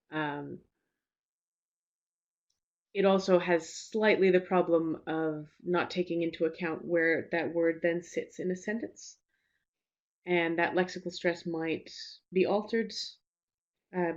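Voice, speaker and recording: Woman, teacher trainer, webinar talk; lowish voice, relaxed and reassuring, many fillers; slightly muffled video-call sound. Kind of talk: webinar presentation. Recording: slightly dull lo-fi webinar audio.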